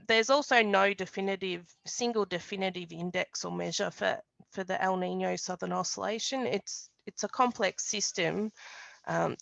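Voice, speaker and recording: A woman's voice: lowish voice, gravelly, no room sound. Woman presenting a climate webinar. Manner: explanatory, measured, frequent ums and restarts. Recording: dull lo-fi webinar audio.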